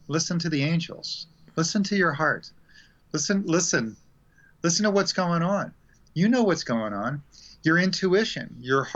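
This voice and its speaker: Bright, lively man on lo-fi radio. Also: a little high. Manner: animated, acts out quoted voices. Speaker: radio show guest. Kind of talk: casual spiritual talk. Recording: dull lo-fi sound.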